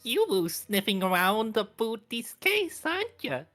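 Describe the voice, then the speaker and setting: A man voicing a hostile, drunk prison governor in a shifting mock Irish-southern accent, threatening and gruff. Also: high-pitched, sing-song, a little slow, bright, forceful tone, faint music behind, pitched above the performer's own voice, exaggerated voice. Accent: shifting put-on Irish, southern, Brooklyn.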